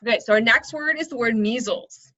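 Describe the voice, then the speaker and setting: Slightly high and a touch fast, this young woman's bright, pushed voice guides kids through an online poetry lesson. She gives encouragement, lays things out step by step, and often asks "right?" or "okay?" It's recorded with a dull, lo-fi sound.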